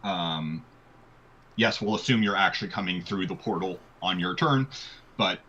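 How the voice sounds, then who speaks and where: A man running a tabletop game as game master, relaxed and full of ums and uhs, on a muffled lo-fi recording. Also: deep voice, normal speed. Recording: muffled lo-fi audio.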